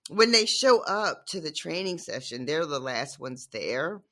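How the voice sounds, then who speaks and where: A man's voice: a little high, very animated, a little slow, bright, forceful tone. A man co-hosting a book podcast, musing casually and laughing easily. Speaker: podcast co-host.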